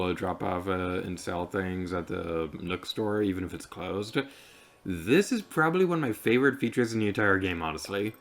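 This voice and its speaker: Young man with a slight lisp. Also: lowish voice. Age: young adult. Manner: chatty and rambling, heavy use of "like". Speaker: let's player. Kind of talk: casual gameplay commentary.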